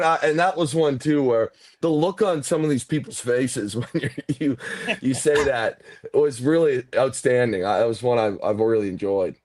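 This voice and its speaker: A former football player hosts a casual podcast, wandering through long stories with plenty of swearing and laughter. His voice sits in an ordinary middle pitch. The mic is close and dry, with no room sound. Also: normal speed, darkish tone, no room sound. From Ontario, Canada. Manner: rambling storyteller, swears, laughs often. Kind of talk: casual chat.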